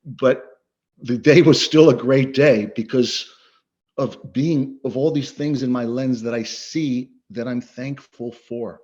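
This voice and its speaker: An earnest middle-aged man speaking as an interview guest, mid-pitched and emphatic, repeating words for stress. The audio is slightly dull and lo-fi, like a video call. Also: a little mellow. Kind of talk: interview conversation.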